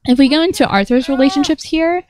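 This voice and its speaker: A woman's voice: high voice, fast talker. A young woman giving casual, gushing commentary over a life-simulation game, laughing often. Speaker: Sims gameplay commentator.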